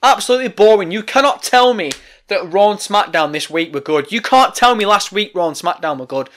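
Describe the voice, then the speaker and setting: A man's voice: high voice, lively intonation, fairly quick, fairly bright tone. A man hosting a wrestling podcast, ranting in a heated, profane way. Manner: profane, angry, emphatic.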